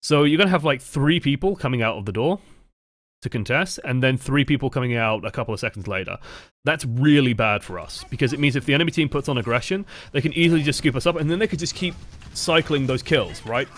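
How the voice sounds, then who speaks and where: A man's voice: medium pitch, lively intonation, quick pace, fairly bright tone, dry recording. An English man coaching over gameplay footage, talking in a casual, rambling and profane way. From England. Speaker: game coach. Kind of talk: gameplay review commentary.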